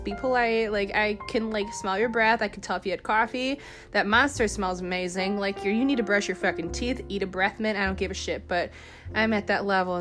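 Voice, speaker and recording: A woman's voice: medium pitch, a bit bright. A young woman ranting casually to the camera, profane and rambling with a self-mocking edge.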